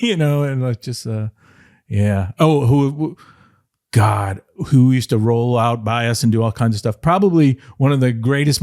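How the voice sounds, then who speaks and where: Middle-aged man from the detroit area, rambling animated storyteller, dry close mic. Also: medium pitch, no room sound. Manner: rambling, animated anecdotes with playful voice impressions. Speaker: podcast guest, former wrestling writer. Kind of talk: casual interview storytelling.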